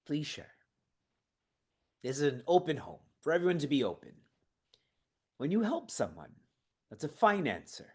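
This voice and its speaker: A man's voice: fairly high pitch, wildly swooping pitch, normal speed, long pauses, a little mellow, slightly rough. A man running an online training session from his prayer room, asking the audience questions and laughing between points. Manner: engaging, asks the audience questions. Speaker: seva training guide.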